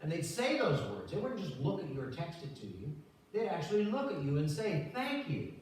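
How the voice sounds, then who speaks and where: With a fairly high pitch and a brisk pace, this older pastor tells stories conversationally in the sanctuary, animatedly performing the characters' voices. A distant mic in the very echoey church picks up some hiss or hum.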